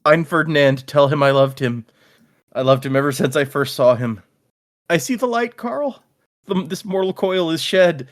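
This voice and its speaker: A man's voice: fairly high pitch, moderate pace, natural voice. Donut, a man doing a melodramatic cat. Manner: theatrical, overplays dying scene. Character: melodramatic pampered female show cat.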